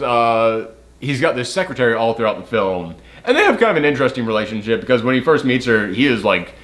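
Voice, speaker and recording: A man's voice: medium pitch, a bit bright. A man chatting casually as he reviews a film, rambling with lots of fillers.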